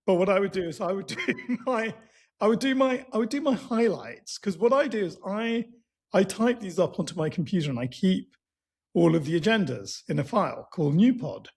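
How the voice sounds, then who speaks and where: A man co-hosting a car podcast, chatting casually and getting quick and excitable as he recounts things. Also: high-pitched, gravelly, breathy edge. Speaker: podcast co-host. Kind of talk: casual chat.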